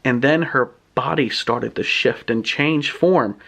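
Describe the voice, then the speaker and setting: A man recapping a story in casual, animated, indignant storytelling. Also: mid-range voice, slow pace, creaky. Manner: animated, indignant, laughs often. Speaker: book reviewer.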